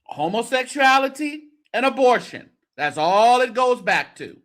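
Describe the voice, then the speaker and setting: Guy hosting a church show, sarcastic, exasperated, slow and swoopy. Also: extremely high pitch, big pitch swings, a bit bright. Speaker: host of a church commentary show. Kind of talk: reacting to a clip, casual commentary.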